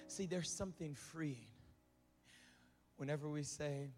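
A man's voice: on the high side, measured pace. A male pastor delivering a sermon in a conversational way, repeating phrases for emphasis. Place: church sanctuary. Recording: reverberant hall with music behind.

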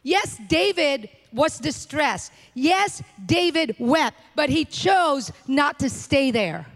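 A woman pastor delivers a sermon in a high, bright-pitched voice. She preaches emphatically, driving home repeated phrases and declarations. The sound carries the long reverb of a church hall. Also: animated, takes it slowly. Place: church sanctuary.

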